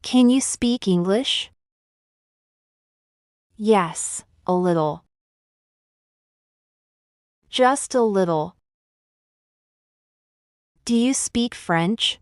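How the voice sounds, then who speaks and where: Slow, clear-speaking woman teacher. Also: medium pitch, animated, no room sound, clean studio sound. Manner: slow, deliberate, clearly enunciated. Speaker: English teacher. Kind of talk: slow scripted phrase lesson.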